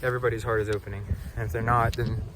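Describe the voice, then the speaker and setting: Soft-spoken dreamy man outdoors. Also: fairly low pitch, level tone, noisy background. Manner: slow, soft, dreamy and reflective. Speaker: vlogger. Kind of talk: spiritual vlog monologue.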